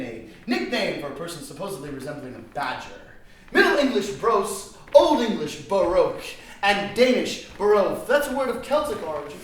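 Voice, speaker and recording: Pompous method-acting guru played by a man, lively swooping delivery, echoey far-off room. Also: sits high, a little hiss or hum. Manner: grandiose, theatrical lecturing. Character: pompous self-important male acting guru. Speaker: acting teacher.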